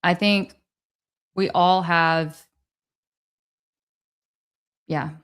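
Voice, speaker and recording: A woman's voice: lowish voice, slow pace, clean tone. A woman hosting a casual livestream, chatting with viewers and thanking them for their messages. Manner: chatty, reads and thanks viewers' super chats. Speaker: livestream host.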